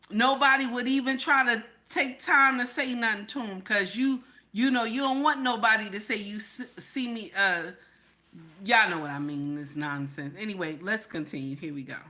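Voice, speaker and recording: A woman's voice: a little high, normal speed, bright, forceful tone. A woman giving blunt, emphatic reaction commentary, often repeating "Okay?" for emphasis.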